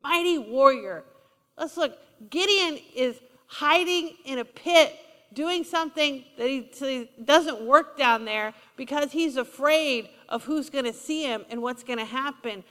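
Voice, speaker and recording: A woman delivers a sermon in a church, talking in a conversational, emphatic way and asking her listeners questions. Her voice is high and bright. It rings with the long reverb of a large hall. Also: unhurried. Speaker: preacher.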